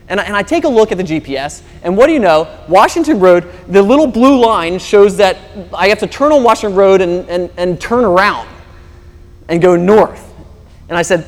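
A male pastor preaches through a personal story, his delivery lively and animated. His voice sits high for a man, and it rings out with a long reverb, as if in a large hall. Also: brisk. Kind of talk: storytelling sermon.

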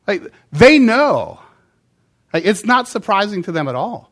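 A male pastor preaches to his congregation in a relaxed, conversational way, often pausing to ask "okay?" and acting out little quoted exchanges. His voice sits a touch higher than most men's. He drifts on and off the stage microphone as he moves. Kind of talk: sermon.

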